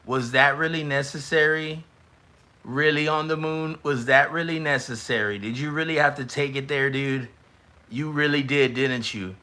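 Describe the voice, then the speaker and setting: Young guy on a live stream hyping up roasts, bright voice, gets loud and drawn out when something lands. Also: on the high side, moderate pace. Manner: excitable, teasing, shouts and stretches words at big moments. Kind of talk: casual live-stream commentary.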